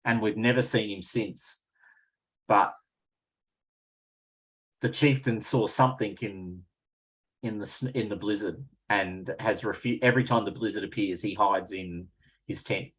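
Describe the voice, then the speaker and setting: A man's voice: on the low side, measured pace, pauses often, breathy edge, rough recording. Chatty man running a tabletop game. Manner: relaxed, chatty, with frequent ums. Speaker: game master.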